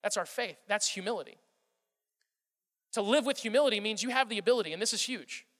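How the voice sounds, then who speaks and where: High, bright-voiced preacher in a hall. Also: male voice, fast. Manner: conversational, repeats words, storytelling. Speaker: pastor. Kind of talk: sermon.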